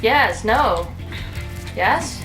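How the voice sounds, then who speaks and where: A woman's voice: fairly high pitch, expressive, music in the background. Easygoing woman gamer in a roomy space. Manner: easygoing, quick short reactions. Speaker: let's play co-host. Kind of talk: casual chat while gaming. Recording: roomy mic.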